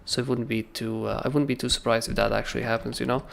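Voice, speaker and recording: Talking quickly in a creaky, medium-pitched voice, a man runs a crypto trading livestream. He goes over charts casually and with animation, often tossing in "right?".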